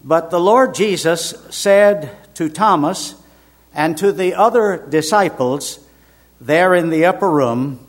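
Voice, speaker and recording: A man's voice: fairly high pitch, slow. An older man from Virginia preaching, mixing conversational stories with emphatic scripture. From Richmond, Virginia, US. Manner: conversational storyteller, swells to emphatic proclamation. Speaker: minister. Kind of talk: sermon with personal anecdotes.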